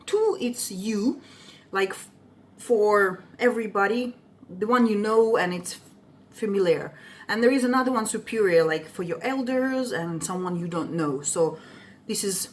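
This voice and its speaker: A young woman whose first language is Russian, telling a story in an indignant, expressive rant and swearing freely. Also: medium pitch, measured pace, slight background noise. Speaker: vlogger.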